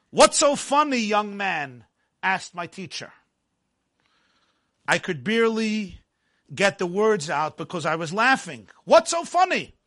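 Speaking in the first person, a man recounts a personal story in a measured, dramatic way. His voice is pitched high for a man, bright and forward, and he frequently drops into softer, quieter stretches.

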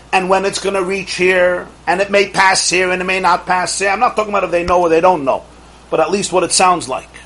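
A man teaching a lively religious lecture. He asks rhetorical questions, acts out the people he quotes, chuckles between points, and mixes in Yiddish and Hebrew words. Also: sits high, rough recording.

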